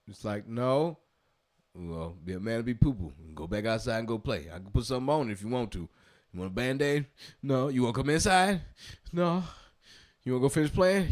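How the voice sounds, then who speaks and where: A man co-hosting a podcast in casual chat, laid-back and rambling, swearing now and then. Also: medium pitch. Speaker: podcast co-host.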